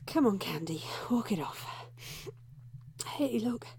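Woman voicing a frantic young female reporter, whispered role-play, airy husky voice, unhurried, slightly high. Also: expressive, a little mellow, heavily acted. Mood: flustered whisper. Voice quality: breathy whisper. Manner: frantic, self-scolding, blurting curses.

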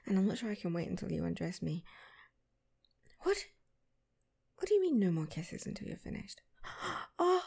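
A woman's voice: fairly low pitch, sing-song, normal speed, vocal fry, long pauses, dark tone, slightly rough. A woman in a whispered role-play, speaking to a partner in an intimate, flirty, playful way. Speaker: audio role-play performer.

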